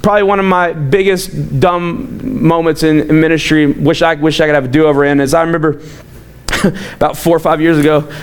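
A man in his thirties preaching a sermon as a pastor, telling personal stories in an animated way with frequent restarts. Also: a little high, brisk, smooth. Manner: animated, storytelling, repeats words.

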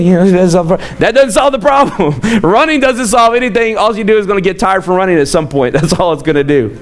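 A man's voice: high voice, brisk, few pauses. A young adult man preaching a casual sermon, telling stories and acting out the voices of people in them. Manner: animated storytelling, acts out quoted voices, chuckles often. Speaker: pastor.

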